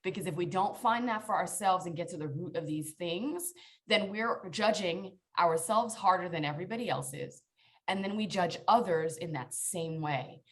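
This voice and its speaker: A woman's voice: lowish voice, normal speed. A woman guest on a podcast, a coach telling her own story in an earnest, emphatic way and speaking straight to the listeners. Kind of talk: podcast interview, personal storytelling.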